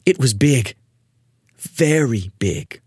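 Brief: lively, husky storyteller reading a spooky kids' story, dry close mic. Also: medium pitch, slow, no echo. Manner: expressive, building suspense. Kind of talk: dramatic read-aloud of a spooky children's story.

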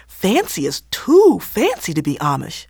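A woman voicing a timid young Amish girl who speaks haltingly and whimpers. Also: lowish voice, huge pitch swings, gravelly, a little mellow, slightly rough, no room sound, clean studio sound, heavily acted. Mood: worried.

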